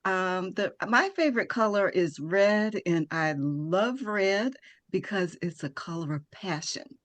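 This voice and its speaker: A woman sharing in an online workshop over a video call, enthusiastic but a little halting as she gathers her thoughts. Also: mid-range voice, animated. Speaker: workshop participant from a nonprofit.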